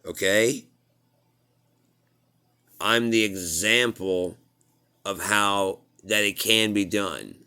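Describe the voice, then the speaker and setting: Deep, clear-voiced man rambling profanely. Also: extremely slow, long pauses, sharp tone. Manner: rambling, profane, laughs at own jokes. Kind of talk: casual rambling monologue.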